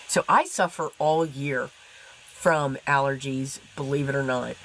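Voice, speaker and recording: A woman's voice: very deep voice, measured pace, fairly bright tone, a little hiss or hum, poor audio. A woman with a stuffy nose from allergies, chatting casually as she explains her card-making while she works. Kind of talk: casual crafting tutorial.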